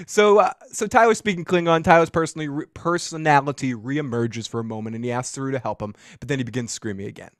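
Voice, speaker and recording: A man's voice: medium pitch, quick pace, few pauses, dry recording, clean studio sound. A man hosting a casual recap show, jokey and crude, often laughing at his own jokes. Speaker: podcast host.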